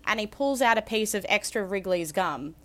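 A woman's voice: mid-range voice, lively intonation, moderate pace, fairly bright tone. A young woman chatting casually in an interview, playful and teasing, often laughing.

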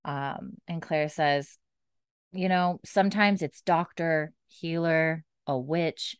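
A woman on a chatty podcast retells scenes from a show, quoting the dialogue in an easy, unhurried way. Her voice sits a bit low, and the recording is dry and close. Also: clean tone, dry recording. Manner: recounts dialogue in a flat retelling voice, casual fillers. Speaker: podcast co-host recapping a TV episode. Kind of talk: casual chat, retelling scenes.

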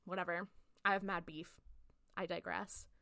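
Bright-voiced woman recapping with chatty energy. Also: on the low side, moderate pace, gravelly, no echo, studio quality. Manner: chatty, animated storytelling with lots of "like" and acted-out quotes. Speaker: podcast co-host. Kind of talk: casual chat recapping an episode.

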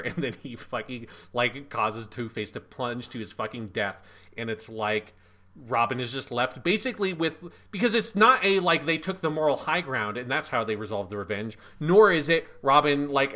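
A man's voice: medium pitch, pushed and bright. A man co-hosting a podcast, chatting casually about a movie in an emphatic, profane way. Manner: emphatic, profane, laughs at the film. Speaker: podcast co-host. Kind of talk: casual film review chat.

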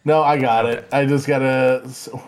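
A man co-hosting a casual livestream chat, laid-back and quick to laugh. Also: medium pitch, fairly even intonation. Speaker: podcast co-host.

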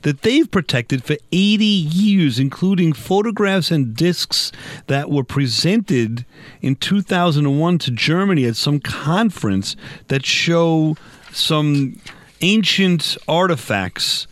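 A man's voice: on the high side, expressive, slow, dry recording. A man hosting a casual talk show, rambling and correcting himself with jokey asides. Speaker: show host.

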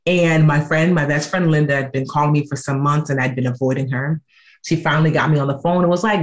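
A woman in her thirties, a guest in an interview, telling her story in a lively, animated way. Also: low voice, fairly quick. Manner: animated, acts out quoted voices.

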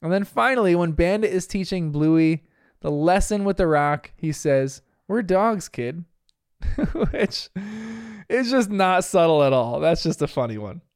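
Chatty young guy from new jersey reviewing a cartoon, smooth voice, dry close sound. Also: fairly high pitch, lively intonation, a little slow, dry recording. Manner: chatty, laughs often, self-deprecating asides. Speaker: podcast host reviewing a cartoon. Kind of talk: casual episode commentary.

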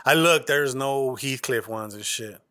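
A man's voice: mid-range voice, unhurried, pushed and bright, dry recording, studio quality. A man hosting a podcast in casual chat, rambling and swearing in loose slang. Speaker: podcast host.

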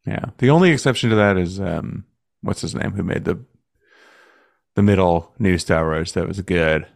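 Blunt male co-host, lowish voice, swears freely, mocking asides. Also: moderate pace, gravelly, a little mellow, dry recording, studio quality. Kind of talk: casual chat.

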